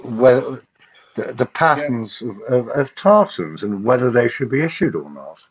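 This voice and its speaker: A man's voice: medium pitch, animated, moderate pace, slightly rough. An English man in a casual stream chat, explaining things hesitantly with stammering restarts. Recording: dull lo-fi sound.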